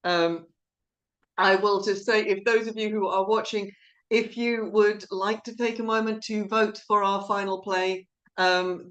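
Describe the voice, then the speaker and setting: A woman hosts a live online stream. Her voice sits at an ordinary middle pitch. She talks over a video call in a rambling, chatty way, with little laughs. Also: fairly bright tone. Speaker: director and host of an online play reading. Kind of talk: casual live-stream chat.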